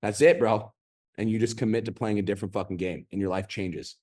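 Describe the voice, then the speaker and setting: A man's voice: on the low side, fairly even intonation, brisk, dark tone. A man in his thirties coaching a group video call, blunt and profane, talking in a pumped-up motivational way. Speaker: online business coach hosting a group call.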